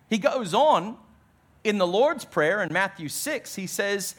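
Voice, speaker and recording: Male pastor, sermon, high-pitched, slow and emphatic. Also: very animated, slightly rough. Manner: emphatic preaching, drops low on key words.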